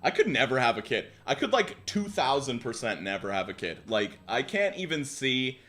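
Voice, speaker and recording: A man's voice: medium pitch, very animated, normal speed, fairly bright tone. A man in his twenties hosting a live stream, chatting casually in slang and swearing freely as he reacts to forum posts. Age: 20s. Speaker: livestream host reading forum posts.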